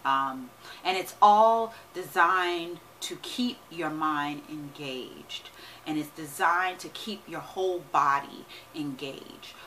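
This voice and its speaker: A woman who works as a money and wealth coach talks casually to her viewers, energetic and emphatic, often checking in with "right?". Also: deep voice, takes it slowly, slight background noise, poor audio. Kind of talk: casual vlog talk to camera.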